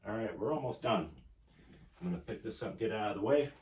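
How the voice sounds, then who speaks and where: Male fitness instructor talking through reps, low voice, distant echoey room sound. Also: expressive, fairly quick. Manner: coaching, talks while exercising. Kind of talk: casual workout instruction. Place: indoor home room.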